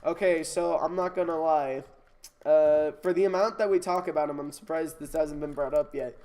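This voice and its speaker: A man's voice: fairly high pitch, moderate pace, mellow. A young man hosting a casual podcast with friends, laughing often through joking banter. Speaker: podcast host. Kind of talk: casual chat.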